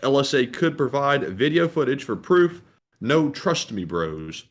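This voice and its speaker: A man's voice: medium pitch, big pitch swings, a little slow. A man co-hosting a casual livestream, reading out viewer donation messages in an easygoing, plain way.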